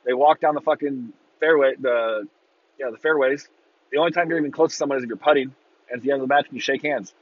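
Profane ranting man with a husky voice. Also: mid-range voice, fast, muffled recording. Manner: profane, exasperated ranting with mocking shouted impressions. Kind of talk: casual rant.

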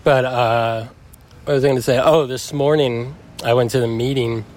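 A man's voice: mid-range voice, steady tone, normal speed, darkish tone. A man co-hosting a podcast with a slight cough, talking in a laid-back, easygoing casual chat. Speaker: podcast co-host.

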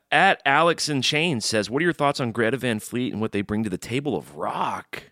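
A man with a very low, deep voice hosts his podcast alone, talking in a loose, rambling way, cracking jokes and swearing freely. He is drinking beer as he goes, and the sound is dry and close, with no room around it. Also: very animated, a little fast, hardly any pauses, pushed and bright, no echo. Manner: rambling, joking, swears casually. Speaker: podcast host. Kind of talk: casual solo podcast chat.

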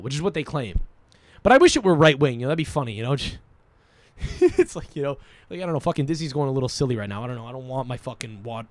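A man's voice: a little high, no echo. A young man hosting a podcast in casual chat, swearing and laughing a lot as he rambles with many fillers. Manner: profane, joking, laughs often; scattered, many fillers and restarts. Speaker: podcast host.

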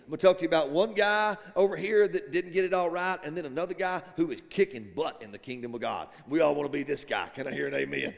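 A man preaching a sermon as pastor, animated and building to shouts. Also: on the high side, quick pace, creaky, hardly any pauses. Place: church sanctuary. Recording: long church hall reverb.

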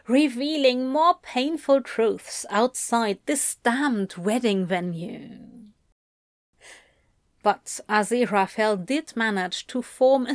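A woman reading a story aloud in a slow, careful, intimate way. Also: a little high, no echo, studio quality. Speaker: reader. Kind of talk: audiobook narration of fan fiction.

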